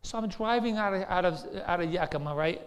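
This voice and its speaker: A pastor delivers a sermon conversationally, telling stories and often checking in with listeners by asking "right?". His voice is high-pitched, clear, and resonant, he speaks briskly, and the recording carries long hall reverb.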